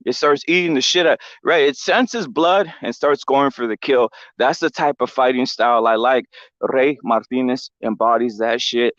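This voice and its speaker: A man hosting a combat sports show in a casual, profane, animated rant that keeps circling back on itself. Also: mid-range voice, normal speed, dry recording, highs cut off. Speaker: show host.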